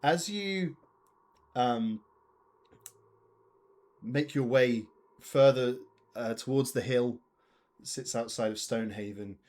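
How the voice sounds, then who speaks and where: A man narrating as game master of a tabletop game, unhurried, with many fillers. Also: mid-range voice, darkish tone.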